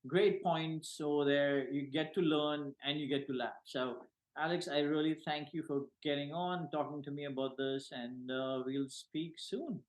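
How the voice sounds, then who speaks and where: A man hosting an interview, asking questions in plain, relaxed phrasing. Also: a little high, measured pace, low-quality recording. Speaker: interview host. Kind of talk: casual interview talk.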